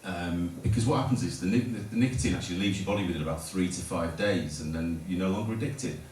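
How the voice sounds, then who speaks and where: A man's voice: sits low, fast talker, recorded from a distance. Rambling stand-up man in a roomy hall. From North Lincolnshire, England. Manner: rambling, self-deprecating, hesitant with many fillers. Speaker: open-mic stand-up comedian. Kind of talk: stand-up comedy set. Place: small comedy night in a hotel bar. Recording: roomy hall recorded from afar with loud noise. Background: audience laughter.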